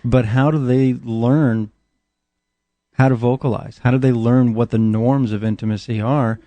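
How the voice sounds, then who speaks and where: A man co-hosts a podcast, chiming in often with warm-toned, encouraging affirmations. His voice sits at a middle pitch with a mellow, darker tone. The sound is close and dry. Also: steady tone, a little slow, dry recording. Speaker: podcast co-host. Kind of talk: conversational chat.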